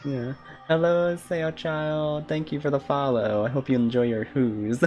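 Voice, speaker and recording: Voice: mid-range voice, steady tone, a little slow, a little mellow, highs cut off, faint music behind. A streamer chatting casually with a co-streamer during a live game stream, joking, laughing often and greeting viewers. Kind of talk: casual live-stream chat while gaming.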